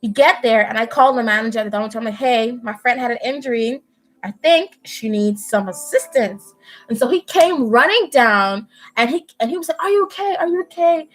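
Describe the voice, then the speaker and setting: High-voiced Bahamian woman telling a story. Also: brisk, soft background music, rough recording. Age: young adult. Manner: animated, chatty storyteller with frequent laughs. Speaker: live-stream host. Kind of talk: casual chat, storytelling. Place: at home indoors.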